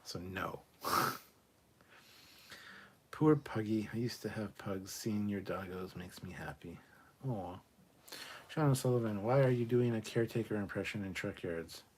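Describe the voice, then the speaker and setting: A man's voice: on the low side, fairly bright tone, husky. A man hosting a casual live stream, reading viewer questions aloud and answering them bluntly, with plenty of swearing and muttered asides.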